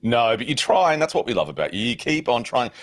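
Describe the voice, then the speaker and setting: A man's voice: medium pitch, big pitch swings, fast. A man co-hosting a chat show, wryly ribbing his friends in good fun. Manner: wry, good-natured ribbing. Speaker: co-host. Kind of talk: casual chat.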